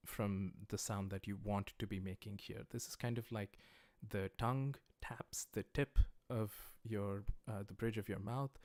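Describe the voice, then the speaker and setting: A man with a fairly low voice and an American accent teaches a livestreamed language class. He explains each step patiently as he writes, often pausing on "uh" and "um". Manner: patient, plain explanations with frequent "uh" and "um". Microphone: livestream microphone.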